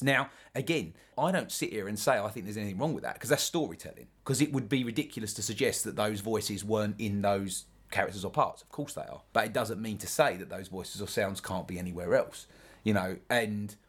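A man's voice: fairly low pitch, breathy edge. A man with a London accent, talking through ideas in a casual discussion, reflective and rambling with asides.

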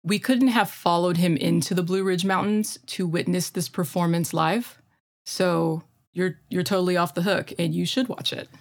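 Enthusiastic Midwestern woman, low voice. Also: fairly even intonation, normal speed, gravelly. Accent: Midwestern American. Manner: enthusiastic, chatty, many fillers. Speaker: podcast co-host. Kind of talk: casual music chat.

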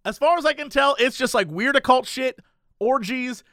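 A man's voice: very high-pitched, moderate pace, dry recording, studio quality. A man co-hosting a casual podcast chat, joking and slipping into silly voices. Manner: animated, jokey, puts on voices for bits. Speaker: podcast co-host.

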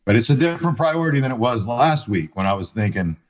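A man's voice: medium pitch, big pitch swings, quick pace. A man, a pastor, talking frankly and reflectively on a panel, laughing easily. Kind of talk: conversational panel discussion. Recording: dull lo-fi audio.

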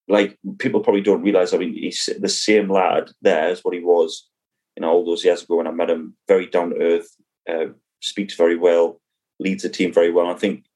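A man's voice: sits low, a little mellow. A young man, a cricketer, chatting casually as podcast co-host in a laid-back way with lots of fillers. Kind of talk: casual chat.

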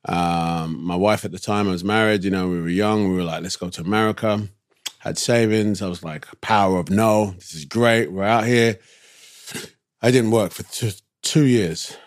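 A man with a London English accent, a guest telling relaxed anecdotes in an interview with slangy asides. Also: lowish voice, normal speed, no room sound, studio quality. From England. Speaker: actor guest. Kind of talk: casual interview storytelling.

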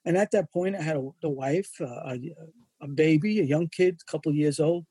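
Older man with a husky, mellow voice. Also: fairly high pitch, moderate pace, dry recording. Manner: animated anecdotes, acts out quoted voices. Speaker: wrestling photographer and magazine editor. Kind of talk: storytelling in an interview.

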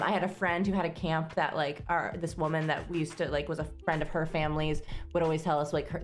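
Lower-voiced woman, chatty co-host. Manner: chatty, earnest, full of fillers. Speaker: podcast co-host. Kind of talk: casual chat.

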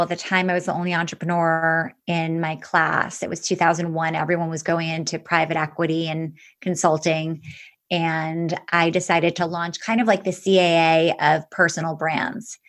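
Lively woman telling career stories. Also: fairly low pitch. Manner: lively, quick anecdotes with acted-out quotes. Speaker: guest, company founder. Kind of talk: casual interview storytelling.

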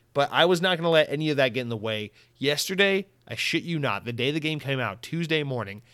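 A man chatting casually on his own podcast, rambling and swearing freely, jumping between highs and lows as he goes. His voice sits in an ordinary middle range. The sound is dry and close, with no room around it. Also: no echo. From Central Florida. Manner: profane, rambling and animated. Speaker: podcast host. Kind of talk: casual chat.

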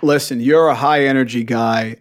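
A man's voice: mid-range voice, fairly even intonation, moderate pace. A man hosting a casual podcast chat, setting up topics and asking his guest questions. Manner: conversational, asks questions and sets up topics. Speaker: podcast host.

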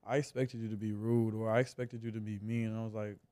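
A man's voice: fairly low pitch, level tone, fast talker, dark tone, no echo. A young man as a podcast guest in casual chat, laid-back and slangy. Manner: laid-back, slangy, self-describes as goofy.

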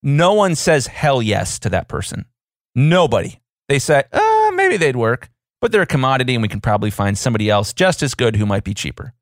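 A man's voice: mid-range voice, animated, a little fast, no echo, clean studio sound. A man co-hosting a podcast, explaining business ideas playfully with examples. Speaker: podcast co-host. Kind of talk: casual podcast chat.

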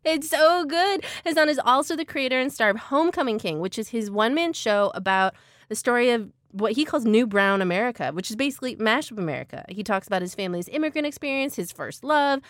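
A woman hosting a studio interview, introducing her guest and asking short, brisk questions. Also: fairly high pitch, animated, a bit bright, no room sound. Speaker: podcast host. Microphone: studio microphone.

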